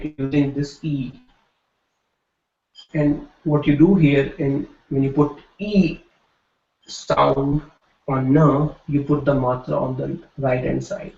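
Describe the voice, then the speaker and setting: Slow-talking male teacher in an echoey classroom. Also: mid-range voice, steady tone, creaky, a little mellow. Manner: explanatory, checks in with frequent "right?". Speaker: Hindi teacher. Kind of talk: classroom lecture. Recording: echoey room, dull lo-fi sound.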